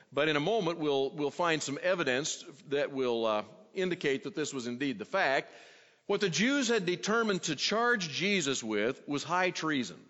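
A man's voice: a little high, a bit bright. Man preaching in an echoing sanctuary. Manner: measured teaching delivery, dramatizing quoted questions. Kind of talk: expository sermon. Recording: dull sound in a reverberant hall.

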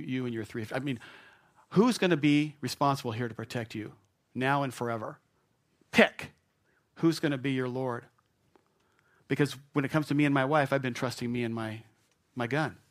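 Middle-aged male pastor, storytelling sermon, animated and self-deprecating, middle pitch. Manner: animated, self-mocking, chuckles through his story.

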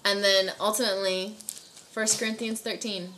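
A young woman giving an earnest, encouraging devotional talk, casual and warm in manner with frequent fillers like "like". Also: mid-range voice, moderate pace, a little hiss or hum. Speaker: youth devotional speaker.

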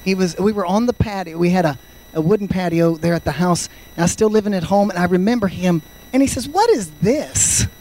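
A man in his fifties preaching a sermon, fervent, swinging between loud shouts and quiet storytelling. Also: high-pitched, fast, rough recording. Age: 50s. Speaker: pastor.

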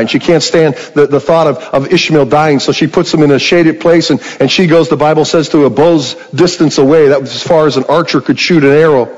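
A man's voice: on the high side, in a large hall, dull audio. A man preaching a sermon, retelling a story in a conversational way and asking the congregation rhetorical questions.

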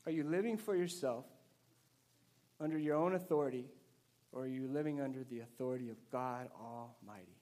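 A man preaching a sermon to his congregation with energy, swinging between loud, emphatic bursts and quiet intensity. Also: mid-range voice, brisk. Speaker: pastor. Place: church service before a congregation.

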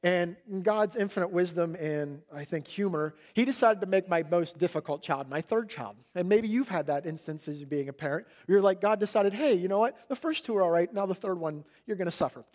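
A middle-aged male pastor giving a sermon and telling a lively family story, loudly acting out his small son's shouts. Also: high voice, brisk, few pauses.

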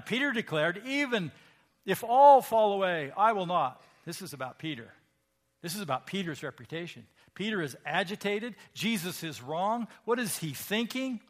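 A male pastor delivers a sermon in a conversational but emphatic manner. He often turns to the congregation with questions, and his voice sits a little high for a man. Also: lively intonation, moderate pace, a bit bright.

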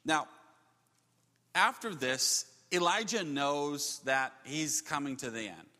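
A male preacher with a high, bright voice tells the story with lively animation, laughing now and then and acting out quotes. His sermon rings with the long reverb of a large hall. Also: takes it slowly.

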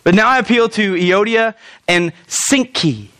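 A male pastor with a high voice preaches with lively humor. He breaks into dramatic, drawn-out pleading when he acts out quotes, then snaps back to quick asides to the congregation. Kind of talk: sermon.

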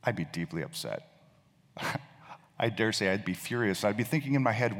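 A man's voice: lowish voice, lively intonation, moderate pace, long pauses, a bit bright. A male pastor preaching a sermon, telling a story and often repeating words as he thinks. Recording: long reverb of a large hall.

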